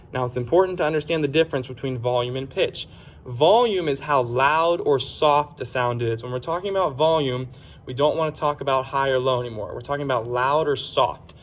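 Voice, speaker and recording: A man at a middle pitch giving a recorded science lesson to children at home. He explains step by step and uses everyday examples. He talks plainly, with the odd filler, and corrects himself when he misspeaks. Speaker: teacher.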